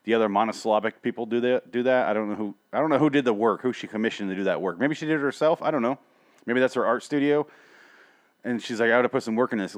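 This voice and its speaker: A young adult man hosting a show, recapping episodes in a rambling, sarcastic way with frequent swearing. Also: medium pitch. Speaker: show host reviewing TV episodes. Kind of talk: casual profane rambling recap.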